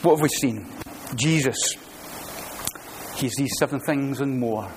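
A man's voice: mid-range voice, measured pace. A man pastor preaching an earnest, conversational sermon full of rhetorical questions, recorded in a church sanctuary. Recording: church hall reverb, faint room noise.

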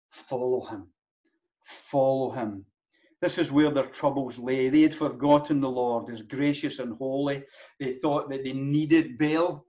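A man with a medium-pitched, darkish voice preaches a sermon as a pastor, earnest and full of rhetorical questions and repeated phrases. The recording has a dull, lo-fi sound.

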